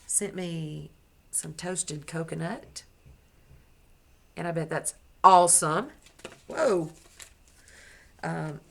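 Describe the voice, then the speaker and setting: A woman's voice: deep voice, fairly even intonation, extremely slow, creaky, pauses often. A woman crochet vlogger chatting casually to the camera at home, gushing as she shows off her gifts and correcting herself as she goes. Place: at home indoors.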